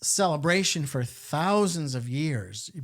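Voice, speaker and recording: Male podcast host, lively higher voice, casual and questioning. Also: takes it slowly. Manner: animated, rhetorical questioning with many fillers. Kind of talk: casual Catholic podcast chat.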